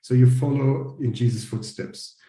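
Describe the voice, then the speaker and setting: A man's voice: mid-range voice, steady tone, normal speed, warm tone, reverberant, rough recording. A man explaining ideas in a played clip, hesitant and full of ums. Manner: hesitant, many ums and sort-ofs. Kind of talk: explanatory discussion.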